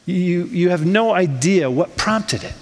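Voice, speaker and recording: A man's voice: sits high, expressive, measured pace, big-room sound. A man preaching a sermon as pastor, talking in a conversational way with rhetorical questions and frequent ums. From United States. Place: church in Switzerland.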